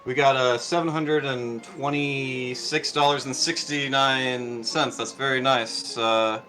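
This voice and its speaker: A man's voice: mid-range voice, fairly even intonation, slow pace, bright, forceful tone, soft background music, rough recording. A middle-aged man chatting casually after a speedrun, rambling with lots of fillers and restarts. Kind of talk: casual post-run chat.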